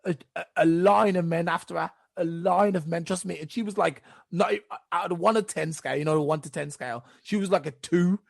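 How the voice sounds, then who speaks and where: A man's voice: a little high, fairly quick, creaky, hardly any pauses, dry recording, studio quality. A man co-hosting a podcast, pushy and insistent in casual chat. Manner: pushy, keeps saying "trust me" and "listen". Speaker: podcast co-host.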